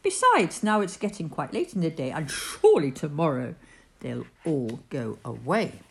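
A woman voicing a big, kind-hearted male moose in a bedtime story, gentle and good-natured. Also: sits low, sing-song, moderate pace, vocal fry, voice pushed down, exaggerated voice.

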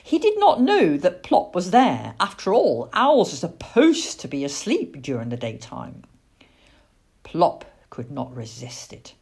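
A woman reading a children's storybook aloud, expressive, with little asides. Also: sits low, slightly rough. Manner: expressive and warm-paced, with asides.

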